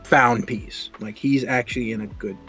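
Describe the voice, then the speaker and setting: A man co-hosting a casual podcast chat, animated and quick to laugh, often repeating words when he gets excited. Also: mid-range voice, breathy edge, faint music behind. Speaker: podcast co-host.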